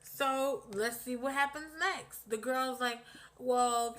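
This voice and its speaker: A young woman vlogs a personal story slowly, her voice sitting high. The retelling is casual yet animated and blunt, laced with profanity, as she acts out what people told her.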